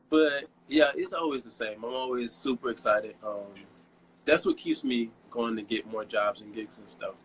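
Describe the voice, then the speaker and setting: A young man speaks in a middle-pitched, easygoing voice and tells stories with giddy energy. He laughs often and acts out quoted remarks in a livelier tone. A faint noise sits under the recording. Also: measured pace, rough recording. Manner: giddy, laughing, animated storytelling. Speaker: guest model. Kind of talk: casual interview chat.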